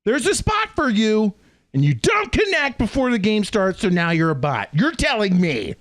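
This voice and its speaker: A man's voice: high voice, wildly swooping pitch, moderate pace, a bit bright, dry recording. A man on a podcast, teasing a friend and swearing freely in casual banter. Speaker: podcast co-host. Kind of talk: casual chat.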